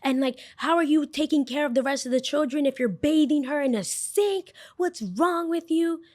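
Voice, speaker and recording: A woman voicing an angry mother who yells accusations at a daycare worker in a high, strained voice. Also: moderate pace, no echo, clean studio sound, close to an everyday voice. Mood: scolding. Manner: yelling, accusatory. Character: furious shrill mother, accusing and indignant.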